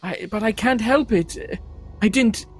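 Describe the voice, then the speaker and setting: A man voicing a frightened young noblewoman haunted by a vampire, stammering and halting. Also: a little high, lively intonation, pitched above the performer's own voice. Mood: distraught. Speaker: game master voicing a character.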